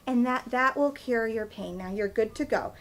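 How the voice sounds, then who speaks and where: A woman's voice: fairly high pitch, moderate pace, lightly acted. A woman putting on the voice of a patronizing old-school female physical therapist who calls the listener honey. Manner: sing-song, condescending, calls listener honey.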